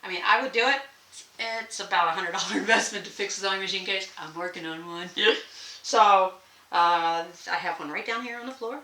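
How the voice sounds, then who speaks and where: A woman's voice: mid-range voice, a little fast, pushed and bright. Folksy woman rambling in an echoey room. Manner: folksy, rambling, laughs often. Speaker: sewing channel host. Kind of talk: casual chatty vlog. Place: home sewing room. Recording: echoey room, faint noise.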